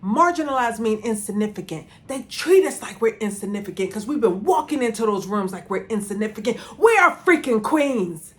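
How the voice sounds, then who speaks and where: A woman's voice: mid-range voice, animated, a little fast, hardly any pauses. A middle-aged woman telling a personal story as a motivational vlogger, talking from a room at home and repeating words for emphasis.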